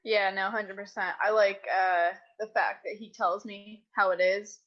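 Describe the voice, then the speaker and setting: A woman's voice: medium pitch, level tone, unhurried. Upbeat young woman, dull lo-fi sound. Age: young adult. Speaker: college soccer forward, guest. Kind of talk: casual podcast interview.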